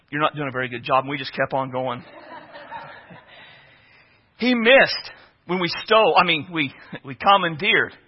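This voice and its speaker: A man preaching a sermon, telling a personal story in an animated way and often repeating words. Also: fairly high pitch, slightly rough. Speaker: pastor. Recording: dull lo-fi recording.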